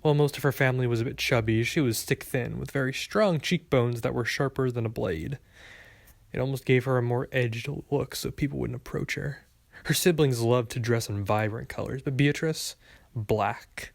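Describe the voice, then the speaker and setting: A man's voice: mid-range voice, normal speed, vocal fry, no echo. A man reading a first-person story aloud with a wry, sarcastic delivery. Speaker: audiobook narrator.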